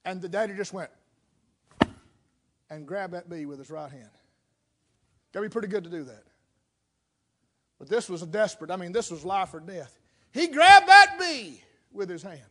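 A male preacher delivering a sermon, telling a story dramatically and swinging between loud bursts and hushed lines. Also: sits high, moderate pace, long pauses.

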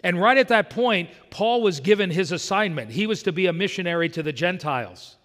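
A man with a fairly high voice delivers an earnest sermon, leaning hard on the scripture he quotes. He is heard in a church sanctuary, and the room leaves a long reverb trailing after his words. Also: animated, a little fast, fairly bright tone. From United States. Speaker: pastor.

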